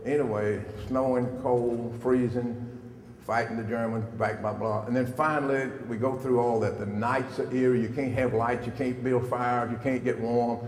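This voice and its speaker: A man's voice: medium pitch, little pitch movement, moderate pace. An older man speaking as a guest to students, telling his story in a folksy way with questions to the listeners, on a handheld microphone in a school hall. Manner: folksy, direct questions to the audience. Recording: echoey hall, faint noise.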